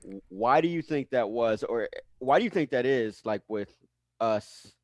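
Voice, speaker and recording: A man hosting a podcast, asking questions in a relaxed, slangy, conversational way. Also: mid-range voice, a little slow, no echo, highs cut off. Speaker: podcast host. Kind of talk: casual podcast interview.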